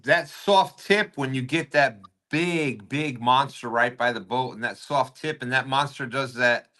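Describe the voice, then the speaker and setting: Man, host, bright voice, enthusiastic, casual chat. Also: mid-range voice. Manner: enthusiastic, quick agreeing interjections.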